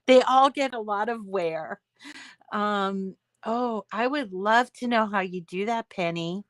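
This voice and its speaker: A woman's voice: medium pitch, slow pace, a bit bright. A chatty middle-aged woman hosts a live craft stream. She rambles from topic to topic and answers viewer comments as they come in. The sound is dry and close, with no room echo. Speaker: craft livestream host. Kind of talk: casual chat with live viewers.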